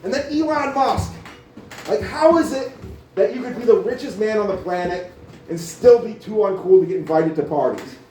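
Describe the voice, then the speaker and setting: In a small cafe venue, a man delivers rambling, foul-mouthed stand-up full of filler words. He speaks at normal speed in a high-pitched yet dark-toned voice, recorded from afar in an echoey room with a slight hiss or hum.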